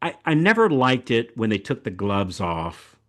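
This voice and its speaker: An older podcast host from the American South speaks in a mid-range, fairly bright, sing-song voice at a moderate pace. He chats casually in a folksy, rambling manner, often repeating words.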